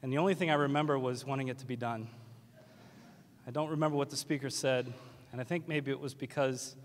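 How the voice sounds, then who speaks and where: Wry teacher speaking in a reverberant hall. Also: male voice, medium pitch, fairly even intonation, fairly quick, slight background noise. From West Virginia. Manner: wry, self-deprecating humor. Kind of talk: graduation speech. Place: large hall at a graduation ceremony.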